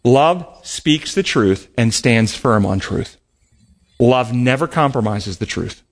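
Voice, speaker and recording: A man's voice: mid-range voice, lively intonation, takes it slowly. A man preaching a sermon in an earnest, emphatic way, acting out short quoted exchanges and closing with a prayer.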